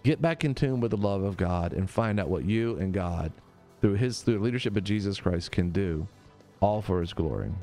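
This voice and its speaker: A man preaching in a relaxed, conversational way, his voice sitting a little low. He is earnest and circles back over his points, now and then slipping into the voices of the people he quotes. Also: moderate pace, soft background music. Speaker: preacher on a radio show.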